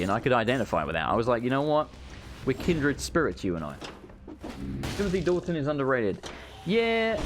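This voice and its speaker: A man giving rambling, swear-filled commentary while playing a video game. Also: a little high. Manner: chatty, rambling, swears freely. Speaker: gaming channel host. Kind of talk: casual let's play commentary.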